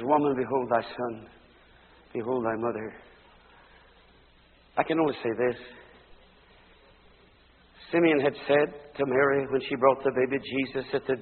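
A man preaching a dramatic sermon, surging to loud emphatic peaks and dropping to hushed tones. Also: mid-range voice, breathy edge, in a large hall, narrow, tinny audio.

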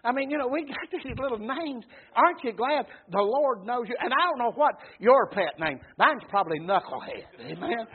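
A man's voice: extremely high pitch, expressive, moderate pace, hardly any pauses. A man preaching a sermon, telling folksy stories and calling out to the congregation for an "Amen.". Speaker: pastor. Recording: muffled phone-like recording.

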